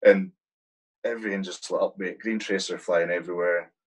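A low, husky male voice, a soldier in his thirties recounting combat with blunt, salty language. He talks casually, like he's with a mate. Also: steady tone, brisk, rough recording. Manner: blunt, swears freely, vivid war anecdotes. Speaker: guest, army platoon sergeant. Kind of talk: casual storytelling.

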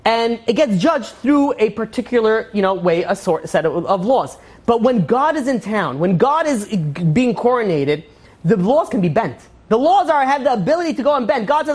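A man's voice: high voice, very animated, normal speed, darkish tone, breathy edge. A male rabbi giving an informal Torah class, telling parables in a rambling way full of "you know" and acting out the characters' lines. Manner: rambling storyteller, many fillers, acts out quotes.

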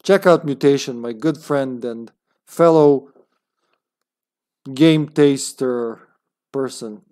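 A young man streaming a game, chatting casually, joking and laughing often with quick asides. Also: medium pitch, a little mellow. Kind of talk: casual gaming commentary.

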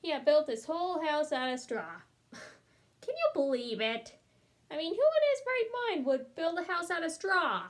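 A woman reading a storybook aloud as a smooth-talking male wolf, chatty and wry in tone. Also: high-pitched, sing-song, unhurried, pitched above the performer's own voice. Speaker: storybook reader. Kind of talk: children's read-aloud.

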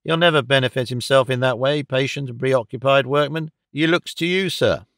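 A blunt, energetic rent collector who snorts and puffs between short, emphatic sentences, as a male reader puts him on. The voice is smooth and rounded, recorded close and dry, pitched around the middle for a man. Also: fairly quick, no room sound, lightly acted. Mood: urgent.

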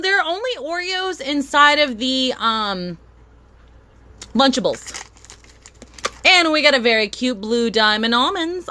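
An excitable, bubbly woman hosting a casual live stream from home, chatting to viewers and thanking them by name. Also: fairly high pitch, slight background noise. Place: at home with a dog.

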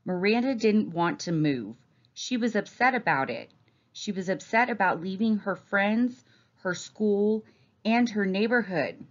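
Woman, teacher, storybook read-aloud, very slow, gentle, expressive, muffled recording. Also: mid-range voice.

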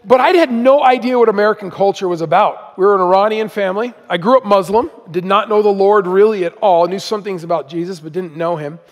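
A man's voice: high-pitched, fast talker, few pauses. A middle-aged man from Southern California, a missionary guest speaker telling his story in a conversational, humorous sermon. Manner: conversational, humorous, self-deprecating. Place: church auditorium. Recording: long hall reverb.

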